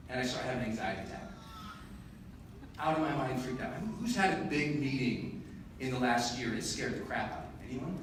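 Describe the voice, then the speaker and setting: A man giving a live motivational keynote in a large conference hall, telling a story in an animated, emphatic way with self-deprecating humor. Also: mid-range voice, background noise. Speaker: motivational speaker. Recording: echoey hall, distant mic, audible room ambience.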